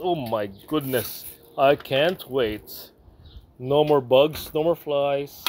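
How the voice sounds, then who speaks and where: A man casually unboxing a product, reading the label aloud and breaking into excited asides, at home in New Zealand. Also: mid-range voice, slow pace, slight background noise. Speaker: unboxing vlogger.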